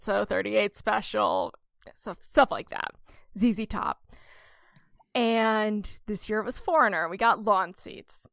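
A woman co-hosting a podcast, telling stories in a lively, animated way and laughing often. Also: mid-range voice, vocal fry, no echo, studio quality. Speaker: podcast co-host. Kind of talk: casual chat.

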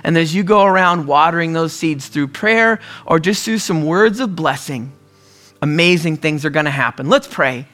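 A man from the US Northwest preaching a conversational sermon, telling stories and often clearing his throat. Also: a little high, lively intonation, moderate pace, a bit bright. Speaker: pastor.

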